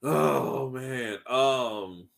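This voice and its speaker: A man co-hosting a casual podcast, animated and laughing often as he acts out movie lines. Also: medium pitch, drawn-out words, gravelly. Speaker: podcast co-host. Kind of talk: casual chat.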